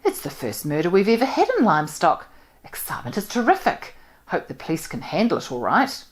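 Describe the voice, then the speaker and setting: A woman reader brings to life a middle-aged village spinster who booms her opinions in a brisk, complacent way. Her low voice leaps about in lively swings as she gossips. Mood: blunt, gossipy.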